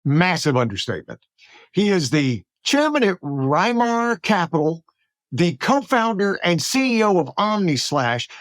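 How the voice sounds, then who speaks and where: A man's voice: high-pitched, big pitch swings, a little slow, no echo, studio quality. A man hosting a podcast, introducing his guest in an upbeat, admiring and chatty way. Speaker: podcast host. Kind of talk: podcast interview intro and chat.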